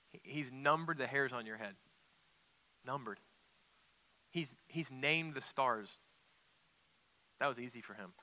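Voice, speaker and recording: A pastor preaching a sermon, telling a story in a casual, conversational way and dropping to quiet intensity. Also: male voice, mid-range voice, low-quality recording.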